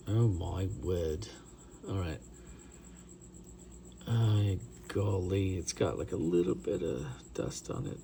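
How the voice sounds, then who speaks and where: A middle-aged man with a lowish voice talks through a card-pack opening in a loose, rambling vlog style. He gets excitable and pokes fun at himself. Faint crickets chirp behind him. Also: vocal fry, a little hiss or hum. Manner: rambling, excitable, chatty, self-deprecating. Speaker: card collector opening booster packs. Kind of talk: casual hobby vlog commentary.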